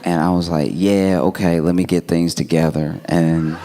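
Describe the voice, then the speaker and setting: A man doing stand-up comedy, telling a story in a conversational, animated way with laughing asides. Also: deep voice, moderate pace, noisy background.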